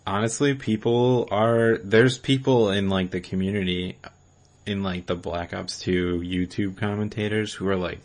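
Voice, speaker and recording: A man's voice: on the low side, fairly even intonation, moderate pace. A young man co-hosting a casual gaming podcast, talking loosely and rambling, with casual swearing. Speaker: podcast co-host.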